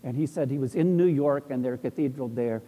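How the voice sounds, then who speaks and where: A man's voice: medium pitch, fairly quick, narrow, tinny audio. A middle-aged man, an Orthodox priest, telling rambling, humorous stories in a casual talk. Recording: long hall reverb.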